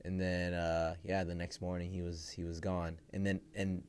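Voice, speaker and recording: Young adult male podcast co-host, lowish voice, loose and rambling delivery. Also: little pitch movement, normal speed, darkish tone. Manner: rambling, heavy use of "like" and "bro". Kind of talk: casual storytelling chat.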